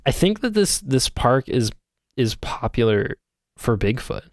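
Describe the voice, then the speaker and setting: A man's voice: mid-range voice, big pitch swings, unhurried, no room sound, studio quality. A man co-hosting a podcast in casual chat, laughing often and rambling with fillers. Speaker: podcast co-host.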